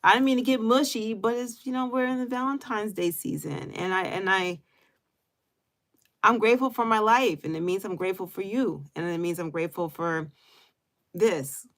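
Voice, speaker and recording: A woman's voice: medium pitch, moderate pace, fairly bright tone. A woman vlogger talking casually to her viewers, heartfelt and chatty, with many fillers and restarts. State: getting emotional. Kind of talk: casual talk to camera.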